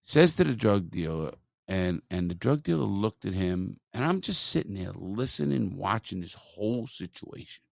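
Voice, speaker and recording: A man hosting a podcast, telling a story in a blunt, profane, animated way. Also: fairly low pitch, moderate pace, vocal fry, few pauses, no room sound, clean studio sound. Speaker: podcast host.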